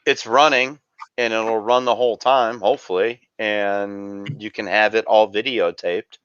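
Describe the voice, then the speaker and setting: A man's voice: on the low side, fairly even intonation, a little slow, fairly bright tone, clear, resonant tone, dry recording. A man hosting a casual chat show, rambling through camera gear with lots of fillers. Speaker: show host. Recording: dull lo-fi dry sound.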